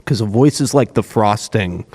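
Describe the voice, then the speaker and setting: A man's voice: fairly low pitch, animated, darkish tone. A man on a convention panel, a voice actor chatting casually and joking with many restarts. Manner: joking, quick laughs, restarts.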